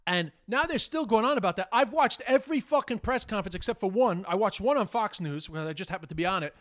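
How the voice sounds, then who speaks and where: A man's voice: sits high, animated, quick pace, fairly bright tone. An Irish man hosting a podcast, delivering a heated, exasperated casual monologue full of swearing. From Ireland. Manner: heated, exasperated, profane, mocks quoted speech. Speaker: podcast host.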